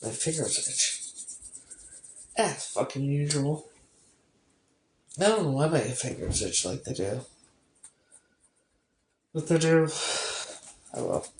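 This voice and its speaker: A woman talks slowly and unhurriedly on a phone livestream, full of sarcasm and curses. Her voice sits in a roomy, echoing space. Casual chat with her viewers. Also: extremely low pitch, very animated, a little mellow, a little hiss or hum. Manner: sarcastic, heavy swearing. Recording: roomy echo.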